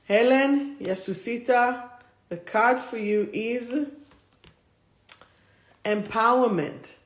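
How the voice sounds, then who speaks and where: Lady doing a live card reading, slow and emphatic, roomy echo. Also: a little high. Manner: emphatic, repeats affirmations slowly. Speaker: spiritual coach hosting a live stream.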